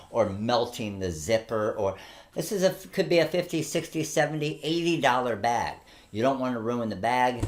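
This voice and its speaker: A man in his thirties hosting a casual how-to tutorial, chatting through each step as he works. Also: mid-range voice. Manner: chatty, explains each step while working. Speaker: host of a craft supply tutorial channel.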